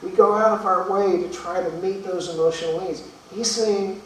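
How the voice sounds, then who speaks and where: A male pastor delivers his sermon with earnest rhetorical questions and halting repetitions. His voice sits on the higher side. It reaches us from a distance through heavy room echo over a faint hiss. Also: fairly even intonation. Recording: echoey room from far off.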